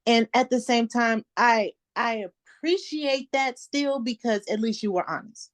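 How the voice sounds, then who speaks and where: Soft-spoken young woman author. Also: on the high side, measured pace, dry recording. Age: 20s. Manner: soft-spoken, earnest and reflective. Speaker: author guest. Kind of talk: casual interview chat.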